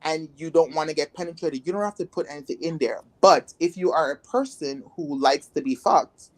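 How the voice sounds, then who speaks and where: A woman's voice: low voice, fairly quick. A woman guest in a casual interview who talks bluntly and rambles, with many filler words. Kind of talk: casual candid conversation.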